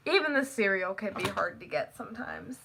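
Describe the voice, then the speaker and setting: A teenage girl chatting casually to the camera, rambling and packing her talk with "like" and quick laughs. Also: mid-range voice, expressive, vocal fry, background noise. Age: teens. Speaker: vlogger.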